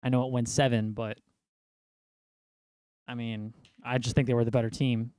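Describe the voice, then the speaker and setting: Young man from New York, exasperated rambling sports rant, mid-pitched voice, close and dry. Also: level tone, normal speed, a little mellow, smooth, no room sound. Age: young adult. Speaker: sports fan vlogger. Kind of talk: ranting sports commentary.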